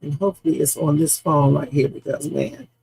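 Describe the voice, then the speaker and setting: A man hosting a casual news-reaction livestream, hoarse from a sore throat, chatting straight to his viewers with rambling asides. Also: a little high, brisk, darkish tone, poor audio. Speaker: livestream host. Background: background music.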